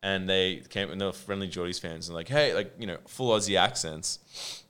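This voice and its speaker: A man's voice: low-pitched, moderate pace, a bit bright, clear, resonant tone. A man in casual chat, telling loose rambling anecdotes and swearing.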